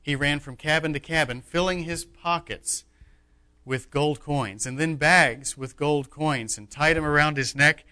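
A man preaching a sermon as pastor, emphatic, swinging between loud declarations and hushed asides. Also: on the high side, unhurried, clear, resonant tone.

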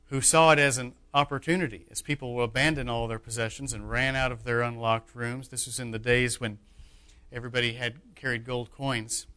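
A man preaching a sermon as pastor, emphatic, swinging between loud declarations and hushed asides. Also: medium pitch, smooth.

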